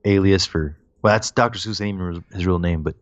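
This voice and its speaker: A man's voice: low voice, brisk, no echo, muffled recording. A man co-hosting a casual podcast, rambling in slangy speech full of fillers and "man". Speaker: podcast co-host. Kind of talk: casual chat.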